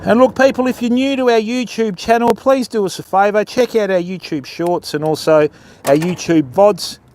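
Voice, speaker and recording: An Australian man with a notably high voice hosts a casual fishing livestream outdoors on a beach. He chats to the viewers as he works, greeting them by name. Faint outdoor ambience sits behind him. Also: moderate pace, darkish tone, a little hiss or hum. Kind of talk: live-stream chat while fishing.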